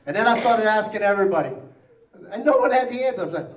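A man preaching, telling a story in an animated way and acting out the lines of each person in it. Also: high-pitched, fast talker. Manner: animated, acting out quotes, repeats himself. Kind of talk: sermon storytelling. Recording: roomy church sound from a distant mic.

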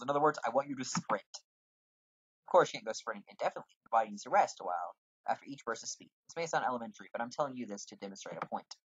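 A man's voice: mid-range voice, slightly rough, no room sound, lo-fi sound, natural voice. A man reading out a bossy male guildmaster from a role-playing game in a put-on lecturing voice.

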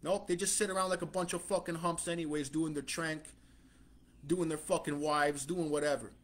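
A man preaches a profane street-style sermon in a swaggering mobster tough-guy manner. His voice sits high for a man, and his delivery is blunt and scornful, with chuckles between lines. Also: fairly even intonation, normal speed, a bit bright.

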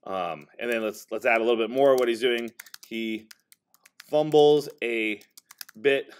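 A male teacher casually demonstrating software to a high school class, talking as he types and correcting himself along the way. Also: a little slow, clear, resonant tone. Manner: casual, talks while typing, self-correcting.

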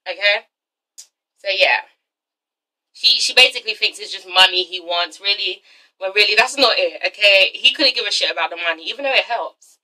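A woman's voice: medium pitch, normal speed, sharp tone, low-quality recording. A young woman casually recapping a TV episode, sassy and profane, ending lines with "okay?". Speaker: TV episode reviewer.

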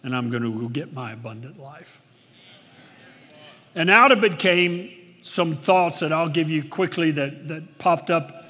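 An older man preaching a sermon in a church, swinging between loud declarations and hushed, murmured asides. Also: fairly high pitch, unhurried. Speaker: pastor. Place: church sanctuary. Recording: long hall reverb in a church.

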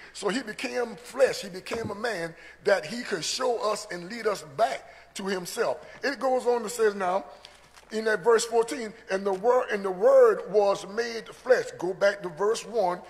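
Earnest male church preacher, high and gravelly, in a reverberant sanctuary. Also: moderate pace. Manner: earnest, repeats words when building a point. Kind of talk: sermon teaching. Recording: long church hall reverb.

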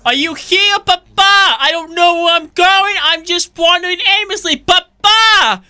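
A man voicing a frantic teenage boy who keeps yelling for his missing father, whiny and melodramatic. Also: extremely high pitch, expressive, normal speed, heavily acted.

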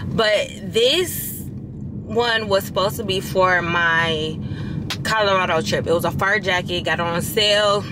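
This young woman's medium-pitched voice carries over some background noise as she vlogs to camera. Chatty and expressive, the lifestyle vlogger vents casually and addresses her audience as y'all.

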